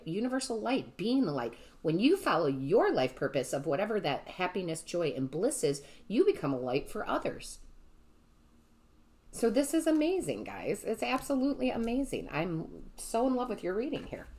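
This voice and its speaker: A woman giving a casual tarot reading to her viewers. She gushes with enthusiasm and keeps asking "right?". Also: medium pitch. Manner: gushing and enthusiastic, often asks "right?" and addresses viewers as "guys". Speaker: tarot reader and medium.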